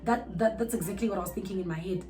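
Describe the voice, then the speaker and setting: A young South African woman telling a storytime vlog with animated, outraged bursts. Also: mid-range voice, racing, soft background music, low-quality recording. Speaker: vlogger.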